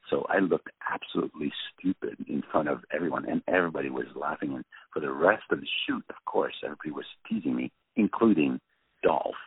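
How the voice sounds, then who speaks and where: Very deep gravelly man on a phone line. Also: dry recording. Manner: rambling, self-deprecating, frequent restarts. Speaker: interview guest, film director. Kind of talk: casual anecdotal storytelling. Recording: tinny phone-line radio audio.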